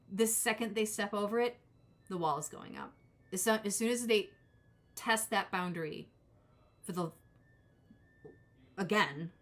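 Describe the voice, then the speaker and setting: A woman's voice: medium pitch, sharp tone. Rambling woman in her forties reading tarot. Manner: rambling, self-interrupting, talks to chat viewers. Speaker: tarot reader. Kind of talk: casual live-stream tarot reading.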